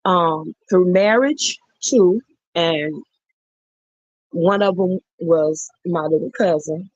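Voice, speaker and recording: This middle-aged livestream host speaks slowly and animatedly to her viewers, effusive and casual, in a low-ish, somewhat mellow voice. The recording is dry, dull, and lo-fi.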